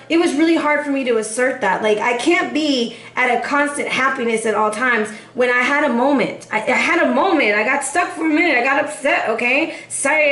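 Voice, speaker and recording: A woman's voice: high voice, fairly bright tone, roomy sound. A woman giving a casual tarot forecast straight to the viewer, sassy and chatty, calling her listener baby. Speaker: tarot reader.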